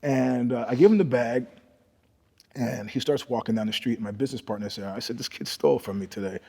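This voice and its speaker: An older man with a husky, slightly breathy voice tells profane stories in a casual interview. He swings between loud, animated bursts and low, hushed asides. The room carries a long reverb behind him. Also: fairly quick. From New York. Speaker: guest storyteller.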